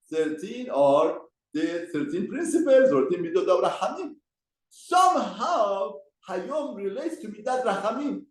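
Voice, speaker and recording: A man's voice: high-pitched, warm tone, echoey room, low-quality recording. A man giving a mussar lesson as a rabbi, speaking emphatically and asking rhetorical questions. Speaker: rabbi teaching a Torah class. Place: study hall.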